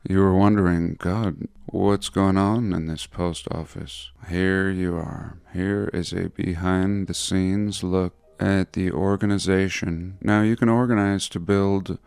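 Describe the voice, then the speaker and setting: A man narrating over old photographs in a casual, musing way, with excited asides. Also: low-pitched, takes it slowly, vocal fry, hardly any pauses, clear, resonant tone, no room sound.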